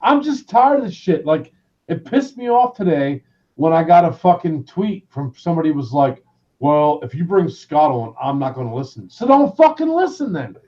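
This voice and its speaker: A man hosting a livestream in a casual rant, loud and excitable, swearing constantly and shouting people's names. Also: on the high side, normal speed, dull audio. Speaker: livestream host.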